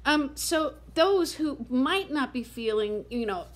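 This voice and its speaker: A woman in her fifties chats candidly to her camera in a casual vlog, her voice sitting a little high. She sounds tired and close to tears, but she keeps talking openly and frankly. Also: expressive, slow pace. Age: 50s. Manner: candid, chatty, emotional, near tears. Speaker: vlogger.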